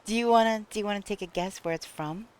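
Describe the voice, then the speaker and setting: A woman's voice: medium pitch, fast talker, a little mellow, clean tone. A woman from Long Island with a New York accent, chatting casually with viewers on a live stream and laughing often.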